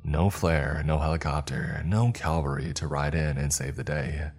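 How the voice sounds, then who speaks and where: A man narrating a first-person horror story in a measured, scripted way. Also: extremely low pitch, steady tone, a little mellow, faint music behind.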